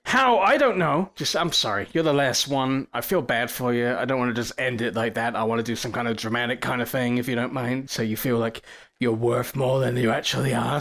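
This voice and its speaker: A young man giving sarcastic running commentary over a VR zombie game, breaking into panicked yelling. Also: medium pitch. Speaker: gaming YouTuber. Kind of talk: let's play commentary.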